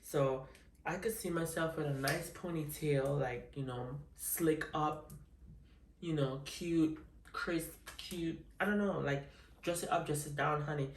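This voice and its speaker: A woman's voice: deep voice, measured pace, echoey room, far from the mic, slight background noise. A woman chatting casually in an unboxing vlog, sassy and flamboyant, calling her viewers honey. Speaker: vlogger.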